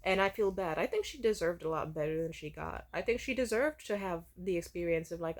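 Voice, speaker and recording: A woman's voice: on the low side, brisk, hardly any pauses. A young woman telling a personal story candidly in a vlog, swearing freely. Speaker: vlogger.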